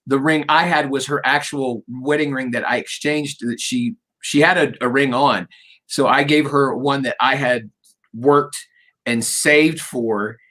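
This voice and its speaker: A man's voice: mid-range voice, a bit bright. Chatty middle-aged man telling stories. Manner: rambling, storytelling, jokey. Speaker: radio show host. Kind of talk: casual interview chat.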